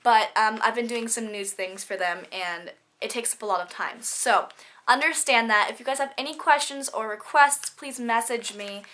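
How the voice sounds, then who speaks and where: Bright-voiced teen girl vlogger, gushing and chatty, nasal from a cold. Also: on the high side. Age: teens. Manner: bubbly, gushing, rapid chatter. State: stuffy from a cold. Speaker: student vlogger. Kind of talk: casual vlog chat.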